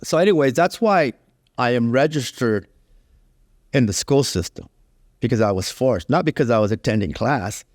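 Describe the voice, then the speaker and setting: A man's voice: medium pitch, animated, normal speed, darkish tone, dry recording, studio quality. A middle-aged man, a guest telling his life story in a candid, conversational way, full of "you know" fillers.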